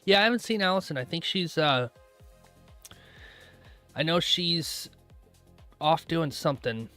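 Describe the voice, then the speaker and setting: A young man chatting casually with his viewers while live streaming trades, rambling, laughing often and clearing his throat. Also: a little high, expressive, unhurried, pushed and bright, faint music behind. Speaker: livestreaming futures trader.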